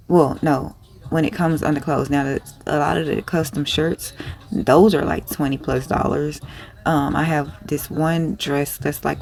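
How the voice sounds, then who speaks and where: A woman's voice: low voice, gravelly, darkish tone. A woman who sells clothes online, talking in a casual vlog in a rambling, blunt, profane way. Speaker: small online clothing seller.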